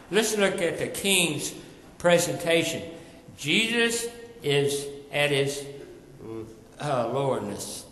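A man preaching a sermon, emphatic, repeating phrases and dropping quiet at the ends of lines. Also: fairly high pitch, echoey room, long reverb tail, a little hiss or hum, poor audio.

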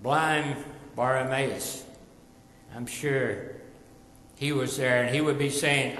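A man preaching a sermon, emphatic, repeating phrases and dropping quiet at the ends of lines. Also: mid-range voice, fairly even intonation, slow, pauses often, reverberant, big-room sound, rough recording.

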